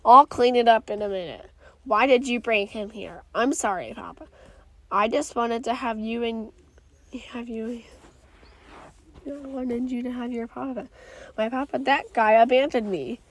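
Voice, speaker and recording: Slow, halting woman reading a story aloud. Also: fairly high pitch, no echo. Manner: halting, with restarts and stumbles on words. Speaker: reader. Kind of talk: reading a comic story aloud, voicing all parts.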